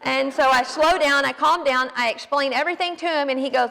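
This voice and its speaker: A woman in her late twenties with a Southern American accent, telling a personal story in a folksy, animated way. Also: high voice, fairly quick, gravelly, long reverb tail. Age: 20s. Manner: folksy, animated, self-deprecating. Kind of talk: personal story told to an audience.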